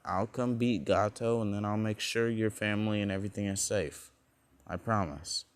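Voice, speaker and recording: A man's voice: on the low side, normal speed, close to an everyday voice. A man voicing a kind, confident young male hero in a fan-made storytelling video, talking in an easygoing, reassuring way.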